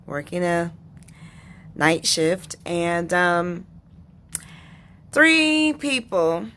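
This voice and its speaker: A woman vlogger telling a personal story in an indignant, unhurried way, with pauses and restarts. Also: fairly low pitch, a bit bright.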